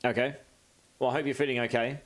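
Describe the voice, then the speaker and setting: A man's voice: medium pitch, little pitch movement, quick pace. A British man streaming a game live, chatting casually as he reads out and answers viewer messages.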